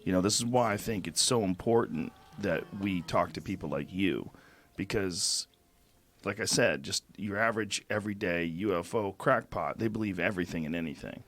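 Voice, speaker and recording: A man's voice: low voice, moderate pace, a bit bright. A man hosting a casual podcast interview, prompting his guest with questions. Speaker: podcast host.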